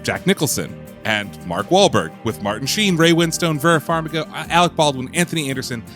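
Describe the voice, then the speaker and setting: A man's voice: on the high side, lively intonation, a little fast, fairly bright tone, soft background music. A man co-hosting a film podcast in casual chat, friendly and jokey. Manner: friendly, jokey, some restarts. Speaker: podcast co-host.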